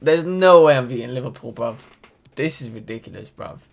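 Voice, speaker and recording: A young man with commenting on a football video game, exasperated and swearing, shouting one moment and muttering the next. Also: medium pitch, animated, brisk, gravelly. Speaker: gaming YouTuber. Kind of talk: casual gameplay commentary. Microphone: desktop USB microphone.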